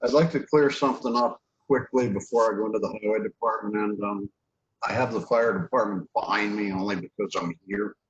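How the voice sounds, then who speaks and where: A man speaking as a town highway superintendent at a public meeting, plainspoken and earnest, with frequent fillers. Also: steady tone, fairly quick, highs cut off.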